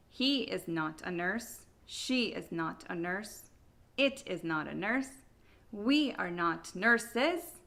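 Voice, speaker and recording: A woman teaching an English grammar lesson, drilling example sentences slowly and exaggerating the rise on questions. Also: mid-range voice, fairly bright tone.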